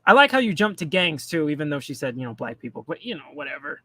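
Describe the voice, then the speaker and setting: Profane, mocking man with a high voice. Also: animated, fast, bright, forceful tone. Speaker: commentary streamer. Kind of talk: casual political rant.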